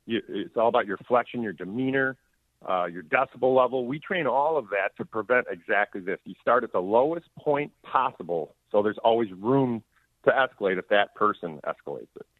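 A man's voice: fairly low pitch, expressive, a little fast, dry recording. A man, a county sheriff speaking firmly and plainly as a guest in a radio interview. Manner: firm, plainspoken, repeats words when emphatic. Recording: tinny phone line.

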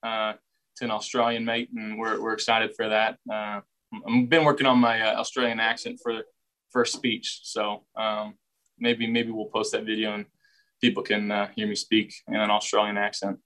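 A young man, a football quarterback, answering reporters' questions in a relaxed way, often repeating words as he finds his phrasing. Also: on the low side, normal speed, rough recording. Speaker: football quarterback at a press session. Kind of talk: casual press interview answers.

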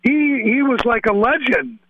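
A man's voice: very high voice, lively intonation, unhurried, husky. Hesitant male caller on a dull phone line. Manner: hesitant, reminiscing, many fillers. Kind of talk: phone-in call.

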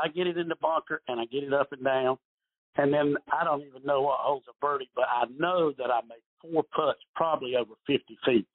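A middle-aged man, a retired golf pro, telling rambling stories as an interview guest and often repeating his words. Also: fairly high pitch. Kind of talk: casual storytelling interview. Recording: husky voice over a tinny phone-like line.

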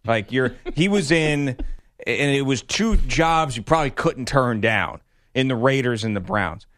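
A man's voice: medium pitch, lively intonation, measured pace, fairly bright tone, no room sound. Male sports radio co-host, wry and joking, dry close sound. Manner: wry, joking, laughs often. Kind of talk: casual sports talk.

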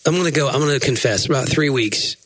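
A man's voice: mid-range voice, quick pace, a bit bright, low-quality recording. A man co-hosting a casual talk show, chatty and teasing. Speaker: co-host. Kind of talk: casual chat.

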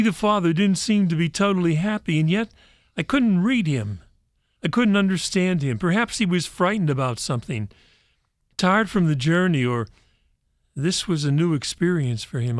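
A man reading a Christmas story aloud in a gentle, measured way. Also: fairly high pitch, no room sound, clean studio sound.

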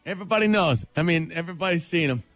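A man hosting a morning radio sports segment, excitable and joking, reading short sports stories. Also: on the high side, rapid-fire, no echo. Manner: excitable, animated, reads sports news. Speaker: morning show sports host. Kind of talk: casual radio banter.

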